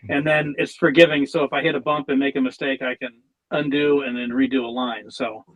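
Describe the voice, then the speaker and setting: A man's voice: medium pitch, fairly quick, low-quality recording. Joke-telling male podcast guest. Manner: relaxed storyteller, stumbles and restarts telling jokes. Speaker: guest artist. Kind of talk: casual podcast interview.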